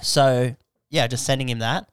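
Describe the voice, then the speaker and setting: A man's voice: medium pitch, fairly even intonation, moderate pace, clear, resonant tone, no room sound, studio quality. A young man, hosting a casual podcast chat, rambling through stories and swearing freely. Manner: rambling storyteller, swears freely, acts out friends' voices. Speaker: podcast host.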